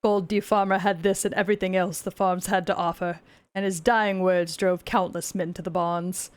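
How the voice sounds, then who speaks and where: A woman's voice: fairly low pitch, fairly even intonation, moderate pace, clean tone, lightly acted. A woman voicing a grand, dramatic British male narrator in a put-on British accent, telling a mock-epic tale.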